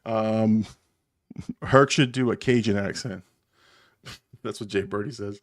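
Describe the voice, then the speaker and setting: A man's voice: on the low side, fairly even intonation, takes it slowly, long pauses. A man with a New Jersey accent hosting a live stream in casual chat, rambling and chuckling often.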